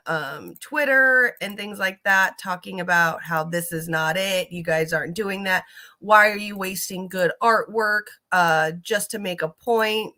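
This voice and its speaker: A woman's voice: mid-range voice, pushed and bright. A woman giving casual reaction commentary on videos, rambling with lots of fillers and casual swearing.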